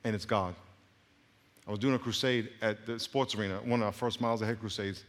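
A man preaching a sermon, telling a story in an animated way with frequent restarts and repeated words, then leading a prayer. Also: on the low side, brisk, long reverb tail.

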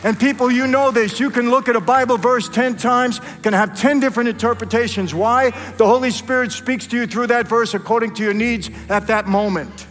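A man's voice: very high-pitched, fairly even intonation, fairly quick, hardly any pauses, a bit bright. A man giving a dramatic testimony sermon in a church, acting out dialogue and calling the crowd "people". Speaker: guest speaker at a church. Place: large church hall. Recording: long hall reverb.

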